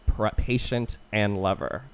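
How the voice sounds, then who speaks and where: A podcast co-host loosely recounts a film's plot in casual movie chat, swearing freely and restarting his sentences often. His somewhat low voice is unhurried, clear and resonant.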